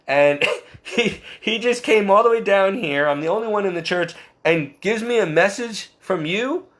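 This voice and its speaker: A man's voice: sits high, moderate pace. A man earnestly sharing a personal faith story, self-deprecating and often laughing at himself. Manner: quotes himself and others in animated bursts. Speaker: Catholic layman sharing testimony.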